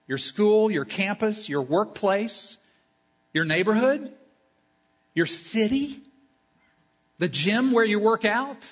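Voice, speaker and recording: A man preaching a sermon as a pastor at a church service. He talks emphatically, builds long spoken lists and slows down on key phrases. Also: high-pitched, fairly bright tone, slightly rough, highs cut off.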